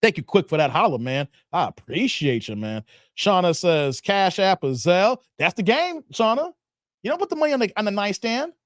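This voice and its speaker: A man's voice: high-pitched, very animated, fairly quick, dry recording, clean studio sound. A man hosting a livestream, reading chat comments aloud in casual slangy banter and laughing often.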